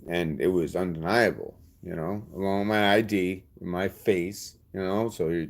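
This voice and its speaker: A man's voice: sits low, moderate pace, creaky. A man, talking straight to his subscribers in a rambling, blunt and defiant way. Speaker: channel host. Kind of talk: casual vlog talk to subscribers.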